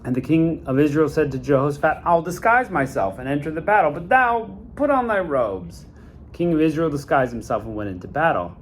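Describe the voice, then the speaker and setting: A man's voice: on the high side, lively intonation, slight background noise. Man reading scripture with casual asides. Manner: reads scripture slowly, then adds chatty asides. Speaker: Bible reader and commentator. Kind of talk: Bible reading with casual commentary.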